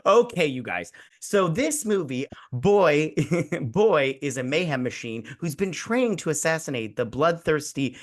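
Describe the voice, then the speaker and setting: A man hosting a casual movie review chat, laid-back and full of laughs. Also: on the high side. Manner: laid-back, lively, frequent "right on" and laughs. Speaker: podcast host.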